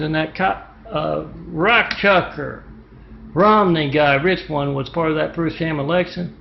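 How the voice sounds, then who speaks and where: Rambling gravelly man telling stories into a phone. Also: on the high side, fairly even intonation, measured pace, slight background noise. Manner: rambling, digressive. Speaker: storyteller telling parables. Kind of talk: rambling spoken storytelling. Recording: dull lo-fi phone recording.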